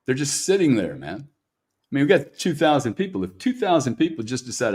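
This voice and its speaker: A man interviews a guest in a candid, unpolished way. He is blunt and swears freely, and he keeps tagging "man" onto his sentences. His voice sits at a middle pitch. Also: big pitch swings, a little fast, a little mellow, husky.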